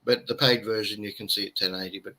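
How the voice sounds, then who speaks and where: A man's voice: fairly low pitch, steady tone, fast, pushed and bright, poor audio. An Australian man rambling and joking as co-host of a casual live stream, tired after little sleep. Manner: rambling, jokey, chatty. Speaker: livestream co-host. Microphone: webcam.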